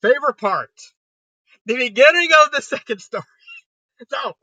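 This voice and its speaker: A man's voice: very high-pitched, animated, normal speed, bright, forceful tone, no echo, recorded from a distance, rough recording. A young man giving a casual spoken review, retelling it animatedly with frequent laughter and lots of "like". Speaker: fanfiction reviewer. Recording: dry sound, voice set back from mic.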